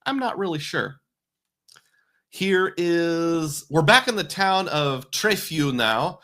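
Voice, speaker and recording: A man's voice: on the high side, big pitch swings, takes it slowly, bright, forceful tone. A middle-aged man narrating his family's travel photos in a chatty, folksy voice-over, often correcting himself with little asides. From United States.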